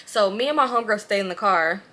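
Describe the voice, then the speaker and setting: A woman in her late twenties casually telling a storytime to her viewers, animated, slangy and swearing freely. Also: mid-range voice, quick pace. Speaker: vlogger.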